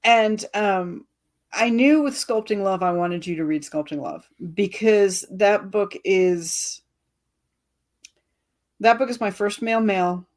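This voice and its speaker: A woman's voice: lowish voice, a little mellow. A woman author as a guest, telling stories animatedly, acting out quotes and laughing often. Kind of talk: casual interview chat.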